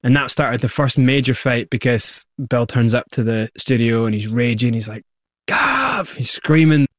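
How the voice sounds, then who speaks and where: A man's voice: medium pitch, moderate pace, no echo, clean studio sound. Man telling a story. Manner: animated retelling, acts out quoted voices. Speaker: guest. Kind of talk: storytelling interview.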